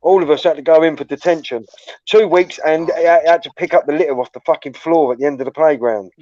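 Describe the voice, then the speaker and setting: A man's voice: a little high, fast, a little mellow, dry recording. A young man hosting a casual chat, telling school stories full of swearing and laughter. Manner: swears freely, laughs through anecdotes. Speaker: host. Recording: muffled, dry sound.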